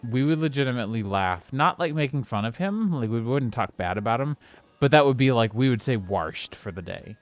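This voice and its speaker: Speaking briskly and expressively in a medium-pitched voice, a man rambles casually as he streams a building game. Every so often he snaps at the game, exasperated.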